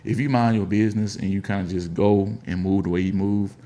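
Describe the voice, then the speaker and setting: Laid-back Memphis man, low voice. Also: fairly even intonation, a little fast, mellow. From Memphis, Tennessee. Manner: laid-back, slangy, acts out other voices. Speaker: podcast host. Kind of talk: casual interview chat.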